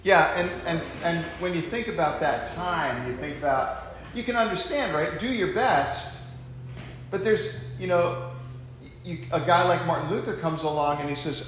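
A man leading an informal Bible study, talking in an animated way with many restarts and acted-out quotes. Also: fairly high pitch, normal speed. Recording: echoey room with faint noise.

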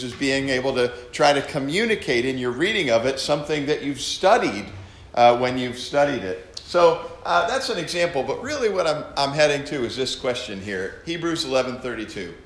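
A man preaching a teaching sermon, his voice leaping up and down as he acts out lines in different tones. He sits a little high for a man. The sound rings around an echoey hall. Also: a bit bright. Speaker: pastor. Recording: echoey room.

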